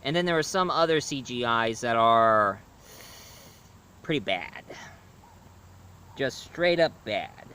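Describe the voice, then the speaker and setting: A man giving a casual video review, talking haltingly with frequent restarts and self-corrections. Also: medium pitch, animated, bright, forceful tone, smooth.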